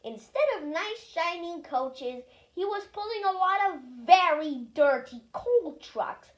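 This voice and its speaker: A reader giving a lively, expressive storybook reading aloud. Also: very high-pitched, slow pace.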